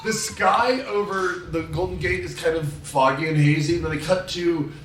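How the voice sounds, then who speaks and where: Excitable guy on a movie podcast, kinda high voice, laughs a lot, echoey room w/ light hiss. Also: moderate pace, far from the mic. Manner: excitable, laughs often, repeats words. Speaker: podcast co-host. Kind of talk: casual movie chat. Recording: roomy, off-mic, light hiss.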